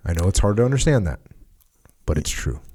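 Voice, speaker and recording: A man's voice: deep voice, very animated, a little fast, dark tone, husky. A man hosting a podcast, talking emphatically with dry humor and reading passages from a book. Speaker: podcast host.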